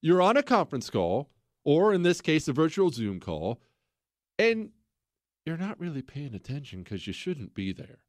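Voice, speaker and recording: Laughing high-voiced male talk host. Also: big pitch swings, moderate pace, dry recording, studio quality. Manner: laughs a lot, rambling and sarcastic. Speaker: radio talk show host. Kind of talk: casual talk radio monologue.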